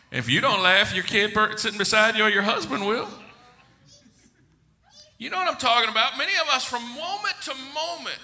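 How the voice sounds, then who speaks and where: A man's voice: very high voice, sharp tone. A middle-aged pastor preaching a sermon to his congregation in a large church, emphatic and joking with his listeners.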